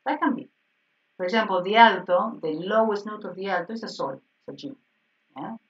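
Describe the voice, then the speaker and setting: Speaking briskly at a medium pitch, a woman piano teacher walks an online group lesson through harmony exercises. She keeps asking "yes?" and laughing softly, over online call audio that comes across slightly dull and distant.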